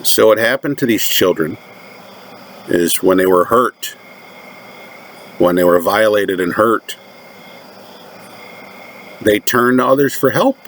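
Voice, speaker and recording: Slow, deliberate man preaching earnestly. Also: fairly low pitch, a bit bright, slight background noise. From United States. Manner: slow, deliberate, emphatic repetition. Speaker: religious commentator. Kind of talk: sermon-like monologue.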